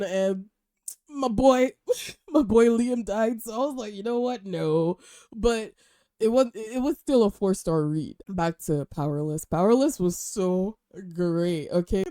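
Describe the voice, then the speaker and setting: Young woman for a casual book-review vlog, mellow tone, slightly low pitch, dry close sound, gushes and rambles. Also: dry recording. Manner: gushing, chatty, animated. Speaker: book vlogger and podcast host.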